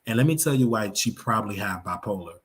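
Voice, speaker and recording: A man's voice: on the low side, animated, fast. A man hosting a live reaction commentary show, talking in an emphatic, preachy way and repeating his points.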